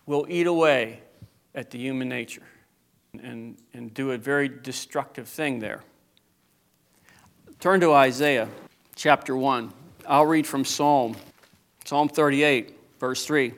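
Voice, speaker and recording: A man preaching a sermon and reading scripture aloud, building from slow teaching to loud, fervent preaching. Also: fairly high pitch. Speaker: pastor.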